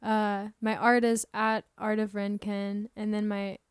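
A woman's voice: medium pitch, level tone, measured pace, clean tone, no echo, studio quality. A woman chatting casually as a podcast guest, upbeat and earnest, with lots of fillers. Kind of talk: casual interview chat.

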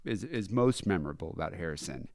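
A man's voice: low-pitched, quick pace, dry recording, studio quality. A man hosting a podcast, talking casually and rambling with many restarts. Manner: relaxed, rambling, restarts often. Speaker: podcast host. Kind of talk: casual chat.

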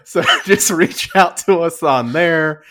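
A man's voice: on the high side, slow, pushed and bright. A man co-hosting a casual comedy podcast, talking in a wry, dry way and often breaking into laughter. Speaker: podcast co-host.

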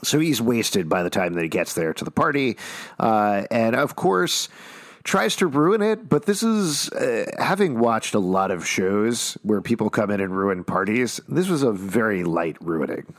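Man, low voice, dry close sound, casual recap chat, playful, laughs easily. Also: sing-song, unhurried, no echo. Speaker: podcast co-host.

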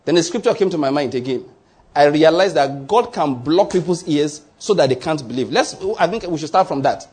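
A man's voice: on the high side, expressive, a little fast, darkish tone, breathy edge. A middle-aged man preaching a sermon with emphasis, repeating his points and checking that listeners follow.

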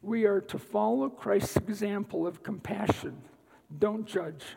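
A man giving a guest talk at church, telling a personal story in an unhurried way with dry asides. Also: sits high, creaky, a little mellow, husky, long reverb tail, rough recording. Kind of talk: sermon-style personal testimony. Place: church sanctuary.

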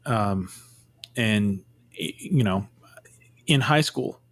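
Low-voiced easygoing male podcast host. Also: lively intonation, very slow, no room sound. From California. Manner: easygoing, teasing, rambling with fillers. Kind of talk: casual interview chat.

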